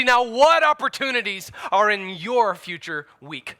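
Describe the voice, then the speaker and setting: A man preaching a sermon as pastor, emphatic, swinging between loud declarations and hushed asides. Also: sits high, very animated, measured pace.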